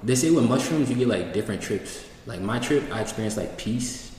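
A man's voice: mid-range voice, expressive, a little fast, a little mellow. A young man telling a rambling story in casual slang, acting out what people said. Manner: slangy, rambling, acts out quoted lines. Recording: echoey room, distant mic, faint hiss.

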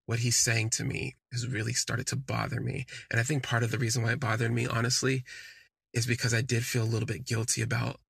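Male podcast host, gravelly and husky, candid conversational storyteller. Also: mid-range voice, little pitch movement, brisk, fairly bright tone, no echo. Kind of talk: casual storytelling monologue.

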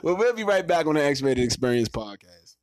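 A man in his thirties hosting a casual podcast, talking in profane, animated rants with loud laughs. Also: a little high, brisk, no room sound, studio quality. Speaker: podcast host.

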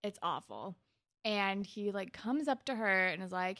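A woman with a bright, gravelly voice retells TV scenes on a casual podcast. She quotes the characters with sudden emphasis, and the sound is dry and close to the mic. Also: medium pitch, moderate pace, no echo. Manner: narrates scenes, quoting characters with bursts of emphasis. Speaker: podcast co-host. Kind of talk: casual chat recapping a TV episode.

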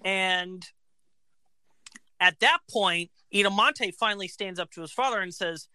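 A woman casually retelling an opera plot, animated and acting out the characters' lines. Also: fairly low pitch, measured pace, clean tone, no echo.

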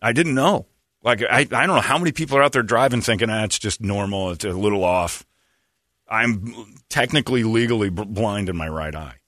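A man's voice: lowish voice, fairly quick, a bit bright, no room sound, clean studio sound. A man hosting a casual morning radio show, telling rambling, self-deprecating stories and mimicking the people in them.

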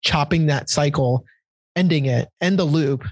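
A man's voice: fairly high pitch, a little slow, dry recording. A man hosting a podcast interview, thinking aloud in a reflective way and restarting his sentences as he works out a point. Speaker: podcast host.

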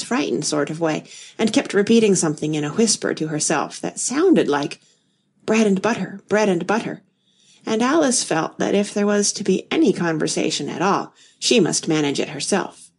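Lively woman reading a storybook. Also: lowish voice, moderate pace, breathy edge. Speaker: narrator.

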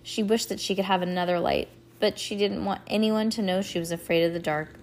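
A woman reading a children's chapter book aloud at home, animated, with little sound effects. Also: mid-range voice, fairly quick. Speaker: reader.

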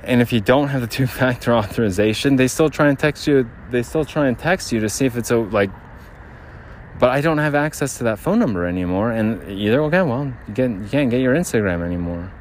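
Walking briskly through the city, a podcast host talks casually in a mid-range voice, panting and rambling as he restarts his thoughts many times. Faint street and traffic sounds come through, and a generator is close by.

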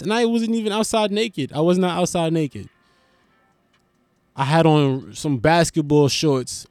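A man doing a comedic monologue, animated and profane, riffing with lots of restarts. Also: fairly high pitch, no echo, studio quality. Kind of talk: stand-up style comedic monologue.

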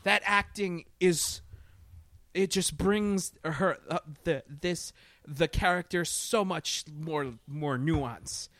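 A man with a slightly raised pitch riffs on a film in casual podcast talk, laughing often and slipping into mocking impressions. His voice sits close and dry, with no room sound around it. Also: slow, fairly bright tone, dry recording. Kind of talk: casual podcast movie chat.

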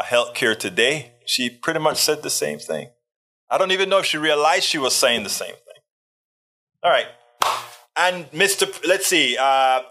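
A man with a bright, forceful voice hosts a live stream in a loose, chatty way. He reads viewer comments aloud and throws in joking asides between them. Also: medium pitch. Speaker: livestream host. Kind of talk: casual live chat reading viewer comments.

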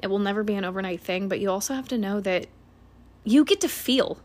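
A woman's voice: medium pitch, brisk, darkish tone. A woman in her late twenties hosting her own podcast, giving a blunt, earnest motivational talk full of swearing. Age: 20s. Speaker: podcast host. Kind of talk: casual motivational monologue.

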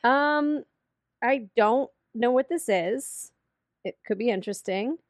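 A woman's voice: on the high side, slow pace, no echo, studio quality. A woman co-hosting a podcast in casual chat, giggly and talkative, trailing off and restarting, tired late at night. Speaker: podcast co-host. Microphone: studio microphone.

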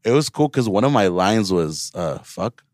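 Young male guest, lower voice, dry close mic, rambling casual storyteller. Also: expressive, moderate pace, no room sound. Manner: rambling storytelling with many fillers. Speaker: podcast guest. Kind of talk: casual chat.

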